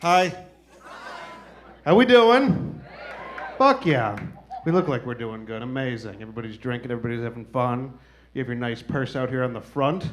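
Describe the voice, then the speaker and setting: A man's voice: mid-range voice, animated, normal speed, long pauses, a crowd in the background, noisy background. A man in his thirties doing a stand-up comedy set, telling stories in a casual, profane, wry way. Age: 30s.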